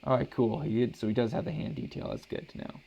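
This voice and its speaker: A young man with a gravelly, creaky edge to his voice talks to his stream while he sketches. He rambles, restarts his sentences and leans on filler words, keeping it casual and unhurried. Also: medium pitch, expressive, warm tone, lo-fi sound, slight background noise. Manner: rambling, hesitant, full of restarts and "like". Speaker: artist streaming a drawing session. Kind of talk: casual live-stream chat while drawing.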